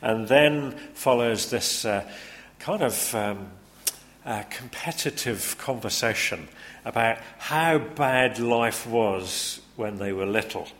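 A man speaking to an audience in a casual talk, halting with many pauses and fillers. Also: medium pitch, a bit bright, long reverb tail.

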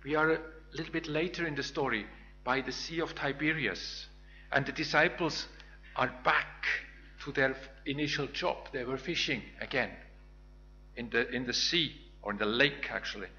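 A man's voice: mid-range voice, moderate pace, sharp tone, muffled recording, slight background noise. A man giving a Bible teaching sermon, retelling scripture in a reflective storytelling way with small restarts. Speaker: preacher.

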